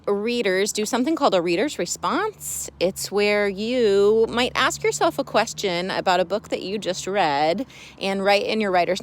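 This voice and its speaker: Unhurried, lively woman teacher reading aloud. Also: mid-range voice. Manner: playful, with expressive storybook reading. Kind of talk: reading a picture book aloud to children, then a lesson.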